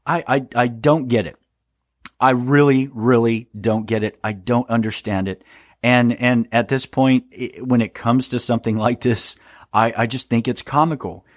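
A man's voice: medium pitch, steady tone, normal speed, no room sound, studio quality. A man hosting a solo podcast, talking in a sarcastic, rambling way with stammers and laughs. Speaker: podcast host.

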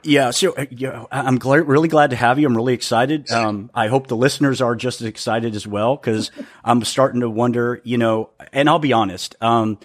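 A man's voice: medium pitch, steady tone, moderate pace. Stammering, rambling podcast host man. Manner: rambling, stammering, laughing at himself. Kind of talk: casual podcast chat.

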